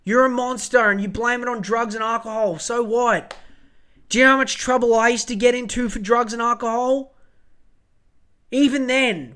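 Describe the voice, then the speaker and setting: High-voiced man ranting. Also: fairly bright tone. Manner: heated, profane ranting. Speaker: podcast host. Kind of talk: casual podcast monologue.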